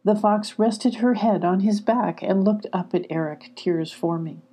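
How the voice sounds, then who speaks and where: A woman calmly and gently reading a children's storybook aloud. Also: medium pitch, measured pace. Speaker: storybook reader. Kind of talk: scripted children's story narration.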